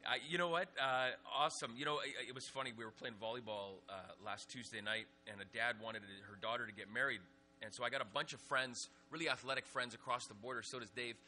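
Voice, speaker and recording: Bright-voiced preacher telling stories. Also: male voice, mid-range voice, quick pace. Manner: lively anecdotes with many fillers and restarts. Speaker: pastor. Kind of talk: humorous sermon storytelling.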